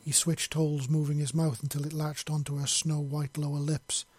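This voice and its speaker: A man's voice: on the high side, flat delivery, normal speed, darkish tone, slightly rough, no room sound. A man reading a long fantasy story aloud in an unpolished way, with slips and self-corrections. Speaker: story reader. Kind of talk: reading his own fiction aloud.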